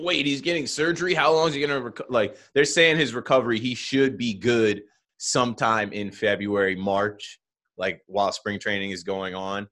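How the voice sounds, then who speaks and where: A man hosting a casual sports podcast. He talks in an animated way and laughs often. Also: lowish voice.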